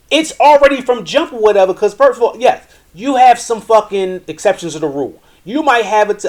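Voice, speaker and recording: High-voiced, blunt male host. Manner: blunt, profane, preachy. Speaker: live show host. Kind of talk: casual commentary on relationships. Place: porch, outdoors.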